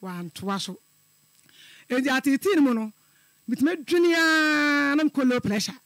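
A man's voice: very high voice, animated, moderate pace, fairly bright tone, no echo. A middle-aged man calling in to a radio show, telling a personal story in an earnest, repetitive way. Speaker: caller.

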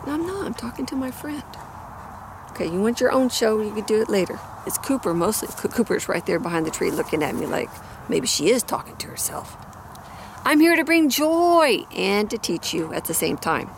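A woman talks straight to her viewers outdoors, holding a handheld mic, her voice a little gravelly. She moves between easy chat and earnest prayer. Faint outdoor noise sits behind her. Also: mid-range voice, big pitch swings, fairly quick. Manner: earnest, chatty, prays aloud. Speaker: Christian ministry vlogger. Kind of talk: casual prayer and encouragement talk. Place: outdoors near animals and hay. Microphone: handheld microphone.

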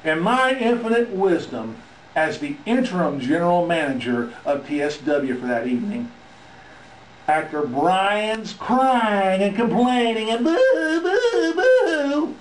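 A man plays a gloating wrestling manager, taunting his rivals. His voice sits fairly high. He sounds distant in an echoey room, with faint noise behind him. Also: animated, unhurried. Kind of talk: wrestling promo.

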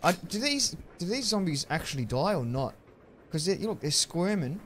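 A man's voice: on the high side, big pitch swings, moderate pace, a little hiss or hum. A man streaming a horror game, chatting casually in slang and greeting viewers by name as he plays. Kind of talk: casual let's-play commentary.

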